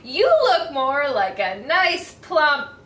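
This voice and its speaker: A woman voicing a sly, hungry male fox with a devilish streak, who talks low, slow and scheming. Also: huge pitch swings, fairly bright tone, echoey room, exaggerated voice.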